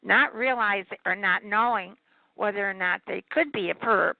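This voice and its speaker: A woman's voice: mid-range voice, normal speed, creaky, no room sound. A woman guest on a talk show who agrees and praises the host in casual conversation. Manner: agreeable, admiring listener. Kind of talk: casual chat. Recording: tinny phone line, dry.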